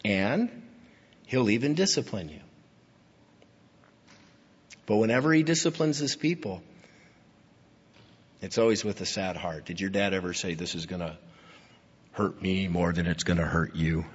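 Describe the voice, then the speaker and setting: A man preaches a heartfelt sermon in a husky voice, his pitch rising and falling widely as he moves between hushed and emphatic passages. The recording sounds dull and lo-fi, with a long reverb trailing off in a large hall. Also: animated, moderate pace, long pauses. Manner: emotional, swinging from hushed to emphatic. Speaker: pastor.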